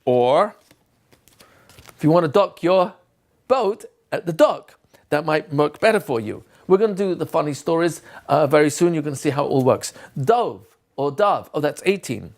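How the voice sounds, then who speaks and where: A man's voice: fairly high pitch, sing-song, moderate pace, darkish tone. A man giving a recorded lesson to teachers, quizzing himself aloud and answering in a playful way. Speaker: teacher trainer.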